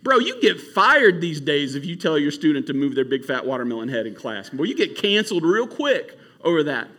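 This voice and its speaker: A man preaching to a youth camp in an animated, casual storytelling way. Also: fairly high pitch, fairly quick. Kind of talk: youth sermon.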